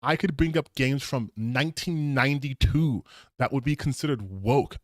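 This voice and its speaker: A man's voice: medium pitch, normal speed, no room sound. A man in his thirties hosting a gaming stream, giving casual reaction commentary in a sarcastic, laughing manner and swearing freely. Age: 30s.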